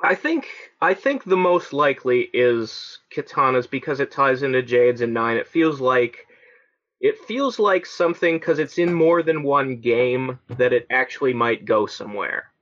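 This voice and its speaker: A man's voice: mid-range voice, unhurried, highs cut off. A man co-hosting a casual gaming podcast, speaking animatedly and often restarting his sentences. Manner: animated, repeats words when starting a thought. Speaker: podcast co-host. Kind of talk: casual chat.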